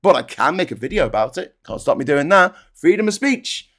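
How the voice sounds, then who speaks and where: A British man hosting a political livestream, talking in a fairly high voice. He rants with animated sarcasm and often stumbles into restarts. The delivery is fired up and direct. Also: fairly quick. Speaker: political commentary host.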